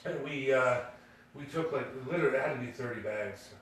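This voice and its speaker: Here a man with a medium-pitched, brisk voice co-hosts a podcast, spinning a casual, rambling story with plenty of fillers and restarts and chuckling at his own anecdote. The room is echoey, the mic distant, and there's slight background noise.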